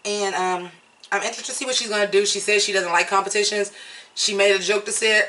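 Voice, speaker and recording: Bright, blunt American vlogger. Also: medium pitch, steady tone, a little fast, distant mic, low-quality recording. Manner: candid, chatty, blunt, swears freely. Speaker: vlogger reviewing a reality show. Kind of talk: casual commentary.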